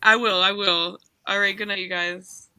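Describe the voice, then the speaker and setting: A woman's voice: mid-range voice, steady tone, moderate pace, sharp tone, slight background noise, rough recording. A woman in casual chat who is feeling unwell, speaking in a friendly way.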